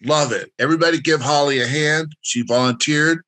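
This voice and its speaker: Man, workshop presenter, bright voice, direct, instructive, encouraging. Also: fairly high pitch, fairly quick. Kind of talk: interactive workshop lecture.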